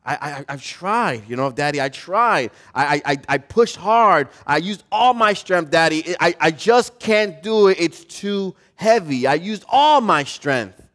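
A man's voice: on the high side, lively intonation, measured pace, hardly any pauses, fairly bright tone, pitched above the performer's own voice. A man voicing a frustrated little boy who stammers as he pleads with his father. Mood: pleading.

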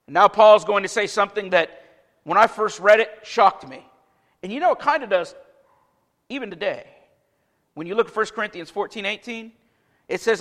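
A man's voice: high voice, fairly quick, a bit bright. A man preaching a sermon as pastor in a church, emphatic, with many rhetorical questions. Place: church sanctuary. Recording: long reverb of a church hall.

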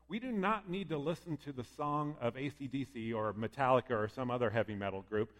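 Lively male preacher in a reverberant hall. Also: fairly high pitch. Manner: lively, conversational, acts out quoted voices. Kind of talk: sermon.

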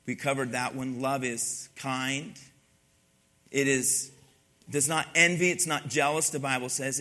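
A middle-aged male pastor preaching a sermon, telling a story with lively raised quoted lines before reading scripture. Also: mid-range voice.

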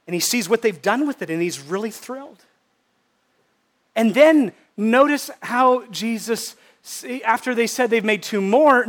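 Male pastor, high voice, emphatic sermon delivery with lots of repetition. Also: a bit bright. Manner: emphatic, repeats words for stress.

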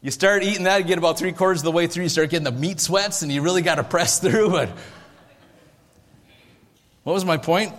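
A man preaching a sermon as pastor, in a lively, conversational way with jokes and asides. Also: high voice, a little fast, long pauses. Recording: echoey hall with long reverb.

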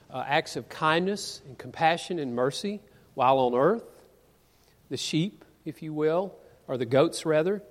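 A man in a church sanctuary delivers an earnest sermon, often putting rhetorical questions to the congregation. His voice sits somewhat high for a man, and it carries a long echo through the hall. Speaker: preacher.

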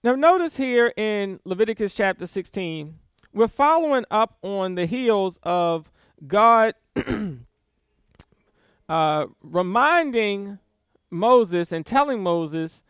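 A man's voice: high-pitched, lively intonation, slow, fairly bright tone, clean tone, dry recording, clean studio sound. A man preaching a sermon, reading scripture aloud with emphatic stresses and small laughs.

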